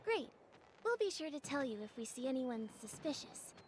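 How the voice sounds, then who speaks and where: A polite, curious young traveler from a video game. She speaks high and earnest, with a faint hiss under the audio. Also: sing-song, moderate pace, poor audio. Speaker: game character. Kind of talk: game voice acting.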